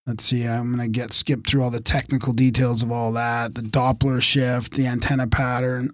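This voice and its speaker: A man's voice: mid-range voice, little pitch movement, moderate pace, no echo. Man, podcast co-host, reading notes aloud, casual asides, voice wearing thin, dry close sound. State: losing his voice.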